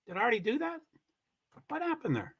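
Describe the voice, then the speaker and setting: A man hosting a livestream, giving rambling, chatty commentary on a car race and swearing when he gets excited. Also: very high-pitched, fast, husky. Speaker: livestream host. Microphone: computer mic on a streaming call.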